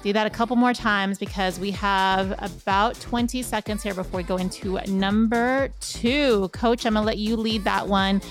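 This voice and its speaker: A woman coaching a guided treadmill workout, calmly counting down each interval. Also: medium pitch, moderate pace, few pauses, faint music behind. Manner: calm, counts down in threes. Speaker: running coach.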